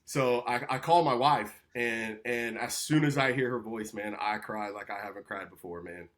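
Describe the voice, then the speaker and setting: Animated man telling a story. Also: lowish voice, normal speed. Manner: animated storyteller, acting out quotes, frequent "right?" and "like". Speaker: guest. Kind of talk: storytelling in a podcast interview.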